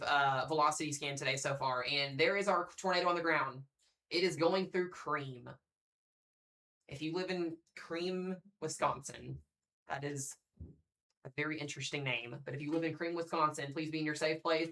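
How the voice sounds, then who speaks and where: Man, young adult, livestream weather host, casual live commentary, thinking aloud, bright tone. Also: on the high side, steady tone, moderate pace. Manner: casual, thinks aloud while reading radar, addresses viewers as guys.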